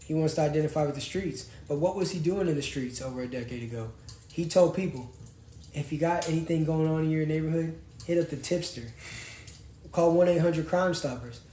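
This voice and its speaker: Lively slangy man, roomy sound. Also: brisk. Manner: animated, slangy, jumps from loud to low. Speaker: podcast co-host. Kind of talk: casual live-stream chat. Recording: roomy echo, faint noise.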